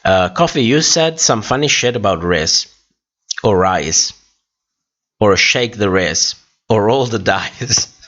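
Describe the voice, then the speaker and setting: A man hosts a casual livestream, reading comments in a tired, worn-out voice and rambling with lots of fillers and restarts. His voice is lowish and a bit bright, with lively intonation, and he takes it slowly with frequent pauses. The stream audio is dull and lo-fi.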